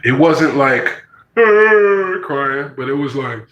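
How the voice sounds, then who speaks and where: Man, 40s, casual storyteller; animated, slangy delivery, bright tone, echoey room. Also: mid-range voice, measured pace. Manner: animated, slangy, acts out quoted voices.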